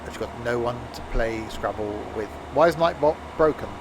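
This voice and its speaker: A man's voice: medium pitch, moderate pace. A man casually chatting with his live-stream viewers while playing a game, making wry asides. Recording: steady background noise.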